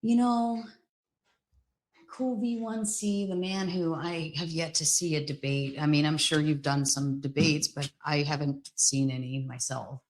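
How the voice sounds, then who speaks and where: A woman's voice: sits low, fairly even intonation, a little slow, a little mellow, poor audio. A woman talking casually in a rambling, teasing way with many fillers. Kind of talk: casual chat.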